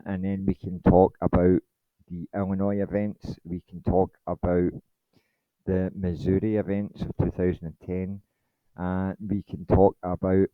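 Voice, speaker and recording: A man's voice: sits low, no echo, phone-quality sound. A man hosting his channel in a rambling late-night monologue, blunt and swearing, with many ums. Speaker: channel host.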